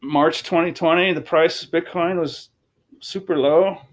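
Male host, slightly higher voice, emphatic casual chart commentary with lots of repetition. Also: fairly even intonation, a little slow. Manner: emphatic, repetitive, restarts phrases. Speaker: crypto commentator.

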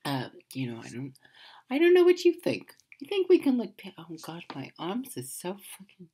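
A woman rambling through a comedic vlog monologue, repeating herself, swearing and often dropping to a hushed half-whisper, recorded at home on a computer's built-in mic. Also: sits low, breathy edge. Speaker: comedic vlogger playing a mother. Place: home, indoors.

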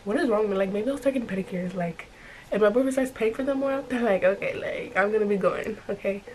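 A young woman rambles through a casual vlog in her bedroom, filling her talk with "like." Her voice is mellow and a bit stuffy from allergies. A faint hiss sits behind her. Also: medium pitch, quick pace, rough recording. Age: young adult. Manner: rambling, chatty, heavy use of "like". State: stuffy from allergies and a runny nose. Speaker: vlogger. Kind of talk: casual vlog chat to camera. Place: bedroom at home.

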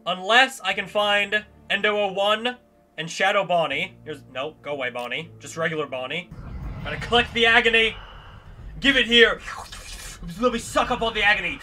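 Bright-voiced jumpy gameplay commentator. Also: male voice, high voice, a little fast. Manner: jumpy, exclaiming, talks to the monsters. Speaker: gaming YouTuber.

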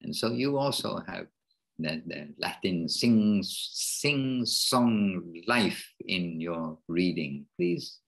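A man hosting an informal devotional class online, speaking haltingly and rephrasing himself mid-sentence. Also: sits low, lively intonation, vocal fry, rough recording. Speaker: class host.

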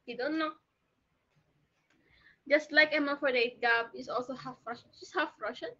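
A woman's voice: high-pitched, steady tone, normal speed, a bit bright, dull audio. A young woman with a Filipino accent chatting casually on a livestream, bubbly and switching between English and Tagalog. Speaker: idol livestreamer.

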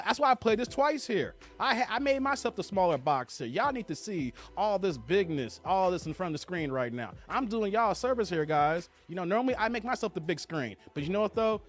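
Animated laughing man hosting a live stream. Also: sits high. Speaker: live stream host reading chat. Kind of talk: casual live stream commentary.

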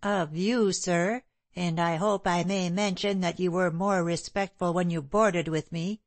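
A woman voicing a stubborn, indignant London landlady in an audiobook, insistent and sharp-tongued. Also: fairly low pitch, fairly even intonation, a little slow, dry recording.

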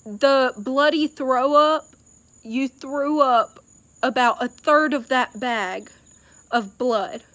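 A woman's voice: high-pitched, fairly bright tone, no room sound. A young woman telling a personal story in a casual, rambling way with many fillers and hesitations.

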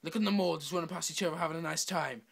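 A man's voice: on the high side, very fast, creaky, slightly rough. A man giving brash, swearing commentary over his own gameplay, talking to himself and taunting other players. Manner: brash, swearing trash talk. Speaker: gamer.

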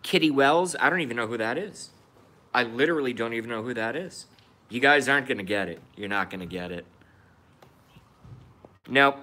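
Guy ranting on his stream, bright sharp voice, blunt and sweary, loud then mumbly. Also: medium pitch. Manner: blunt, swears freely, reacts to chat. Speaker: livestream host. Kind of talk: casual livestream rant.

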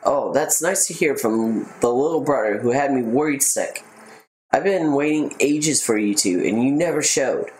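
Confident, reassuring older brother, read by a man; lively pitch, echoey room. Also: normal speed, lightly acted. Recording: roomy echo, faint noise.

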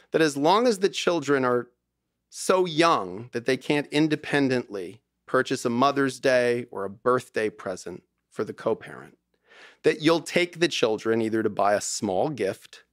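A man's voice: medium pitch, expressive, normal speed, no room sound, studio quality. A middle-aged man, a divorce lawyer talking as a podcast guest, who tells stories with emphasis and acts out quoted dialogue. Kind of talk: animated conversational interview.

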